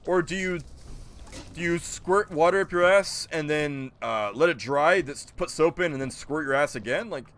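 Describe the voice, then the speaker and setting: A gaming streamer with a slightly high, fairly bright voice talks at normal speed. He chats casually with his chat, answering their messages with joking, incredulous rants.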